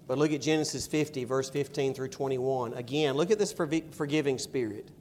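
A middle-aged man preaching a sermon and reading scripture, with emphatic stresses and quiet asides. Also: medium pitch, fairly quick. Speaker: pastor.

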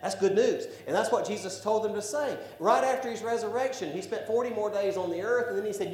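A man preaching a sermon, building to loud emphatic declarations. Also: high-pitched, fairly quick, few pauses. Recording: echoey room with faint background noise.

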